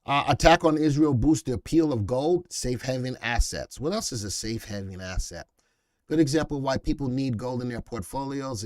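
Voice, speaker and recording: A middle-aged man hosts a live market stream, reading headlines and talking back to his chat in an off-the-cuff, emphatic way. His voice jumps up when he drives a point home, then settles back down. The sound is close and dry, with no room echo. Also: medium pitch. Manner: reads headlines aloud, then talks back to viewers in chat. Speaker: live stock market show host.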